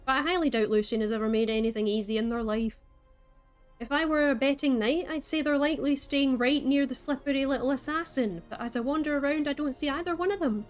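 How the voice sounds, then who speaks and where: A woman's voice: high-pitched, fast talker, soft background music. A woman reading a story game aloud as a streamer, breaking in with playful, chatty asides.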